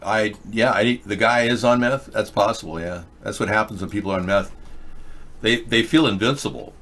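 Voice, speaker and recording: Older male host, low bright voice, rambling opinionated commentary, loose and unscripted. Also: moderate pace. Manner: rambling, opinionated, with restarts and fillers. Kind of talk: casual commentary on video clips.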